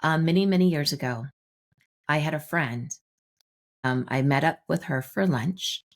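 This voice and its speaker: A woman podcast guest explaining her ideas in a relaxed, explanatory way, telling anecdotes. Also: deep voice, a little slow. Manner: explanatory, tells anecdotes with acted-out dialogue. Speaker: guest, manifestation teacher. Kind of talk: podcast interview.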